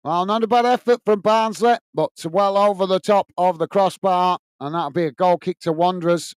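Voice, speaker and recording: A man from England with a high, smooth, clear voice calls a football match for a live fan stream. He reads viewer comments aloud between passages of play and cheers on his side. The sound is close and dry, with no room around it. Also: normal speed, dry recording. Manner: chatty, reads out viewer comments, partisan for his own team. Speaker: watch-along host and commentator.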